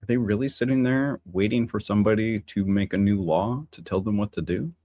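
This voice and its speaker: A man with a mellow, lowish voice talks fairly quickly on a dry recording with no room sound. Hosting a casual solo livestream, he rambles and muses philosophically, full of fillers and restarts and chatty asides to his viewers.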